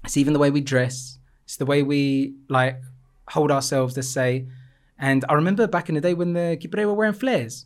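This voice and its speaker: A man's voice: a little high, expressive, fast. A man chatting casually, rambling and interrupting himself, switching between English and Greek. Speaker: video maker. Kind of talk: casual chat.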